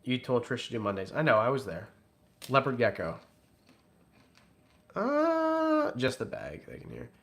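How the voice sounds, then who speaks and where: A man's voice: mid-range voice, huge pitch swings, measured pace, long pauses, fairly bright tone. A man hosting a casual livestream, reading super chats and teasing in a joking, rambling way. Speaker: livestream host.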